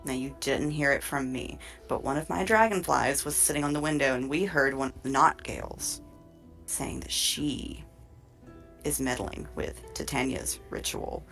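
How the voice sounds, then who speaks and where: A woman doing a hushed drawling frog gossip. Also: very deep voice, moderate pace, vocal fry, exaggerated voice, low-quality recording. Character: drawling knowing older female frog gossip. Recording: faint music behind.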